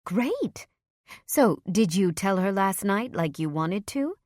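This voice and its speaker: A woman reading as a warm, middle-aged mother asking her grown daughter eager questions. The voice sits in a middle register and sounds bright and interested. The recording is dry and close, with no room sound. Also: medium pitch, very animated, slow pace, no room sound. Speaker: audiobook narrator. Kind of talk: audiobook character voice.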